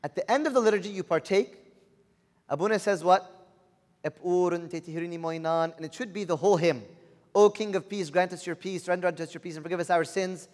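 Brief: male preacher, high voice, earnest sermon full of rhetorical questions, long hall reverb. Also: a little fast, a little mellow.

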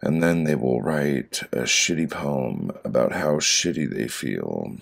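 A man reads his own poetry for an audiobook in a very deep, creaky voice. His delivery is dry and deadpan, with slow pauses between the short lines.

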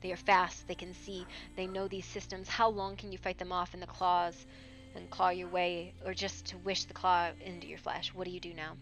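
A woman acting as game master, narrating a horror tabletop scene on a live stream in a hushed, hesitant way with frequent ums. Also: lowish voice, little pitch movement, normal speed.

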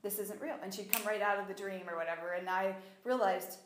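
A woman teaching the Bible in a conversational sermon, animated and fond of acting out what people say. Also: mid-range voice, a little fast, background noise. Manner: animated, acts out quoted voices. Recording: echoey room.

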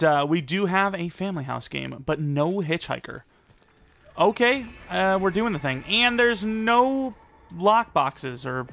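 A young man giving rambling, self-deprecating live commentary over a video game, with sudden excited outbursts. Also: on the high side, vocal fry, slight background noise. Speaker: gaming YouTuber.

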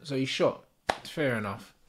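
A young man giving a live, sweary football watch-along, shouting at players and the referee in street slang. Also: medium pitch, a little slow, a little hiss or hum. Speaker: football fan streamer.

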